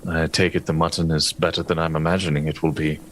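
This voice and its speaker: A man's voice: rumbling low, little pitch movement, fast, a little hiss or hum, rough recording. A man playing a tabletop game in character, dry and wry. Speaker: player.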